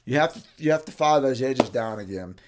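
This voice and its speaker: A man's voice: medium pitch, animated, a little fast, background noise. A man in a guitar workshop giving a casual, folksy how-to demonstration, chatting along and correcting himself as he goes. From New Mexico, US. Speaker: guitar repair teacher.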